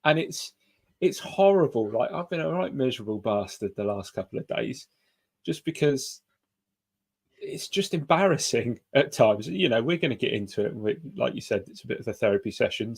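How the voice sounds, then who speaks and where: A man co-hosting a casual sports podcast, talking in a halting, self-deprecating way. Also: medium pitch, lively intonation, creaky, slightly rough. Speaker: podcast producer and co-host.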